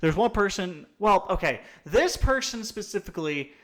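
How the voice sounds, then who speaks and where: A man hosting a casual podcast chat, talking in animated, rambling bursts with restarts and frequent swearing. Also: high-pitched, moderate pace. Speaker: podcast host.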